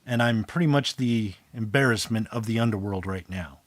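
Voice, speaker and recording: A weary demon boss of the underworld grumbles in a low, sagging voice, as a man puts him on for a tabletop game. He sounds embarrassed and put-upon, sitting close on a dry mic. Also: moderate pace, no room sound, natural voice. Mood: sheepish.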